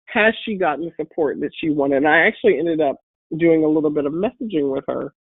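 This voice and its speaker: A woman with a deep voice, congested and a bit hoarse from a cold, giving an upbeat, encouraging webinar talk as a guest speaker. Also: fast talker, no room sound. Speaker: guest speaker and patient advocate. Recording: phone-like online call audio.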